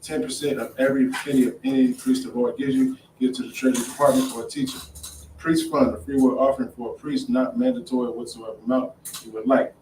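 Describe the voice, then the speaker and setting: A man reading out class announcements in a brisk, matter-of-fact way, in an indoor classroom. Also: medium pitch, flat delivery, darkish tone. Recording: roomy, distant mic, faint noise.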